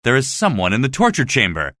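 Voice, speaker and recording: A man voicing a jealous, cruel masked villain in a storybook reading, with a low, threatening, mocking delivery. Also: wildly swooping pitch, brisk, a bit bright, no room sound, clean studio sound. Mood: suspicious.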